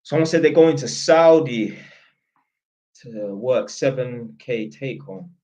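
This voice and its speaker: A man's voice: mid-range voice, lively intonation, takes it slowly, mellow, low-quality recording. A young man with a London accent telling a story and ranting in blunt, slangy, opinionated talk to his viewers. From North London. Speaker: channel host. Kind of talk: casual storytelling to camera.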